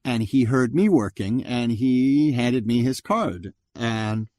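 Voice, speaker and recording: In a casual storytelling interview, a man in his fifties who works as a voice actor chats easily and acts out what others said along the way. He speaks slowly at a medium pitch with a slightly mellow tone; the studio audio carries no room sound.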